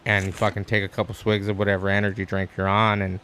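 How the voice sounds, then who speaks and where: Low-voiced male podcast guest, loose and animated storyteller, swears a lot. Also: fast, a little hiss or hum. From Arizona, USA. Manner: animated storyteller, acts out quotes with high pitch jumps, swears freely. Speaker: guest, stand-up comic. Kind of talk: casual podcast chat.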